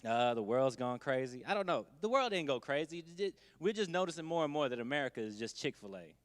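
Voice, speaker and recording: A male stand-up comedian talking in a laid-back, conversational way, with wry throwaway asides. His mid-pitched voice rings with a long hall reverb. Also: big pitch swings, fast.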